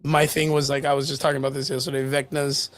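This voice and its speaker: A man's voice: mid-range voice, level tone, fast talker, dry recording. A man co-hosting a casual streamed chat show, joking loosely and swearing, with lots of "dude" and "bro". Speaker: podcast co-host. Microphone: streaming mic.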